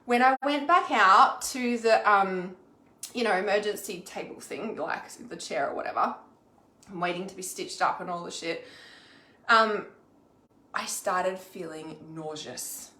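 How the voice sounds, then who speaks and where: A woman's voice: medium pitch, unhurried, sharp tone. Sweary, frank woman in an echoey room. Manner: frank and sweary, with frequent "like" and "okay?" check-ins. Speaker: intuitive healer and mentor. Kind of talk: casual, candid vlog talk to viewers.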